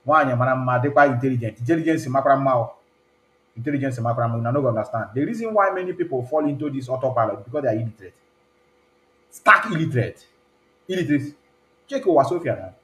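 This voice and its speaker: A man's voice: mid-range voice, lively intonation, racing. Man hosting a live stream. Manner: chatty, mixes English with Igbo and pidgin. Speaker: online show host. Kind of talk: casual live-stream talk. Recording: roomy echo.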